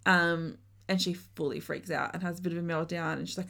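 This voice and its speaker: A woman's voice: on the low side, fairly even intonation, brisk, gravelly, pushed and bright. A woman co-hosting a podcast, chatting casually and swearing as she recaps a reality show. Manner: chatty, swearing, laughing often. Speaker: podcast co-host.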